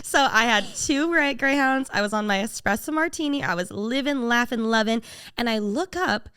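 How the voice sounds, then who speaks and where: A young woman tells a story on a podcast in a loose, chatty way, with plenty of "like" and "you know". Her voice sits a little high and leaps around as she acts out what other people said. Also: normal speed, clear, resonant tone. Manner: animated, quotes people in shifting voices, many "like" fillers. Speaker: podcast co-host. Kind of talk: casual storytelling chat.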